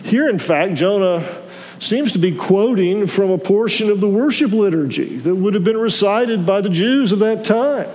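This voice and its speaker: Male pastor, high voice, measured sermon delivery with small restarts, long church-hall reverb. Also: expressive, a little mellow. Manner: measured preaching with halting restarts.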